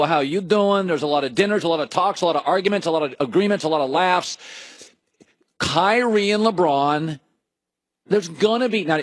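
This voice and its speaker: A middle-aged man hosting a sports talk show, riffing in an opinionated monologue full of jokes and quick asides. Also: fairly high pitch, dry recording. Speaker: sports radio host.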